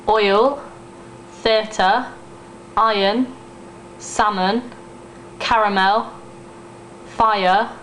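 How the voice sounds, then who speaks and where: A woman's voice: medium pitch, a bit bright, slight background noise, rough recording. A young woman with an East Midlands accent, vlogging casually, chatty and giggly, rambling with fillers while reading a word list off her computer. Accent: East Midlands English. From Northamptonshire, England.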